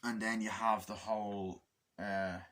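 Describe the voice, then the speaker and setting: Male home film reviewer, lowish voice with a bright edge, rambling, excitable, swears freely. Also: unhurried. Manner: rambling, enthusiastic, swears casually. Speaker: movie reviewer. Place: room at home with window open.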